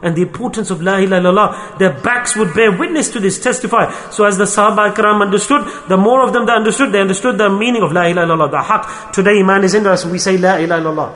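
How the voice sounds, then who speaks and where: A man's voice: high voice, racing, hardly any pauses, fairly bright tone. A man delivering an earnest religious sermon, telling stories to make his points. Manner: earnest storytelling with frequent religious terms. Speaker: preacher. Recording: long hall reverb.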